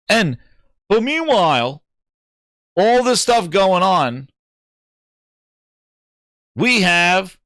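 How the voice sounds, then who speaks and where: A man with a New York accent hosting a casual gaming livestream, animated and jokey, repeating words for emphasis. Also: high-pitched, slow pace, pauses often, no room sound, studio quality. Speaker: livestream host.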